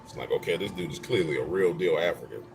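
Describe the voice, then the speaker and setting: A man's voice: sits low, quick pace, creaky. A man in casual live-stream chat, trash-talking viewers and telling stories in loose slang.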